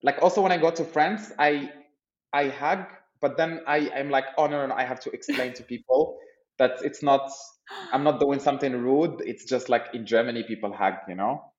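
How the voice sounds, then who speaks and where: A man's voice: medium pitch, steady tone, normal speed, roomy sound, muffled recording. A man from Morocco in his thirties, a startup founder telling a funny story on a podcast, laughing often and repeating words as he goes. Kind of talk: casual storytelling interview.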